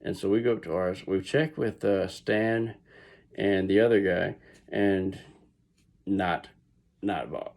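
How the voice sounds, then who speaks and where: A man's voice: sits low, slow, gravelly, pauses often, darkish tone. A middle-aged man with a Southern US accent tells a story casually, rambling with restarts and asides. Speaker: vlogger.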